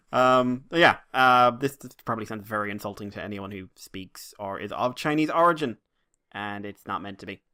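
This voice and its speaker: A man's voice: medium pitch, very animated, unhurried, long pauses, bright, forceful tone. Rambling Irish man on a podcast. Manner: rambling, ranting, swears freely. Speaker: podcast co-host. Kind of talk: casual podcast chat.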